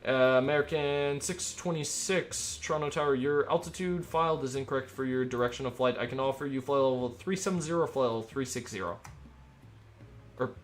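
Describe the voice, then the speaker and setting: A man streaming himself as an air traffic controller. He talks in an upbeat, rambling way between crisp radio calls. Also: mid-range voice, a little fast. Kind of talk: live-stream commentary mixed with radio phraseology.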